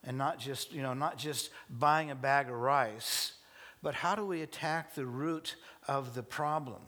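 A male pastor preaching to his congregation, halting with many restarts and light joking asides. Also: medium pitch, sharp tone. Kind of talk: sermon. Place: church service before a congregation.

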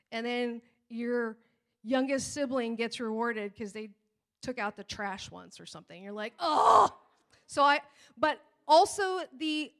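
A woman pastor preaching in a conversational, animated way, retelling a family story and scripture with acted-out quotes. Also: a little high. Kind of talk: sermon with personal storytelling.

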